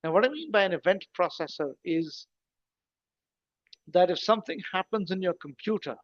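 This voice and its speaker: A man, a guest on an online call, explains his topic in a lively, conversational way. His voice sits a little on the higher side. He breaks ideas into steps and poses rhetorical questions to his listeners. The audio is dry and slightly dull, like lo-fi call sound. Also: moderate pace, no room sound. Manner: explains things step by step with rhetorical questions and asides. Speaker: guest speaker. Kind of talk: conversational talk in an online session.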